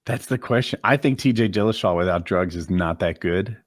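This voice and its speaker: A man's voice: deep voice, brisk, no echo, studio quality. A man co-hosting a podcast in casual banter, laid-back and inquisitive, laughing easily. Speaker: podcast co-host.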